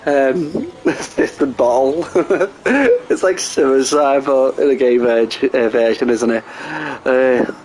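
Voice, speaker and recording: A man giving casual live sim racing commentary, excitable and jokey, often laughing at his own crude remarks. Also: mid-range voice, slow pace, slight background noise, poor audio. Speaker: race commentator.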